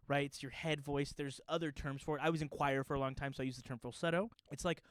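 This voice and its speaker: A young man talking casually to his viewers in a chatty, joking manner, with quick asides. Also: fairly high pitch, fairly even intonation, dry recording. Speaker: youtuber. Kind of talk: casual vlog explainer.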